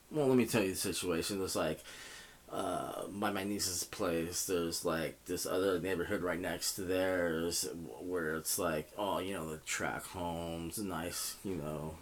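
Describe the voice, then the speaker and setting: A man with a somewhat low voice tells a story his own way, loose and meandering. He swears freely and keeps dropping in fillers. A faint noise sits under the recording. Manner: profane, rambling, heavy with fillers. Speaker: vlogger. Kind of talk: casual storytelling.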